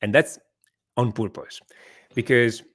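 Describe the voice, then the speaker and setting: A man's voice: medium pitch, steady tone, slow pace, fairly bright tone. A man who is a guest guitar teacher, explaining guitar sound with frequent laughs and lots of "okay"s, talking from a small home studio. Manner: explanatory, laughs often, with many okays. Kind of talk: casual chat.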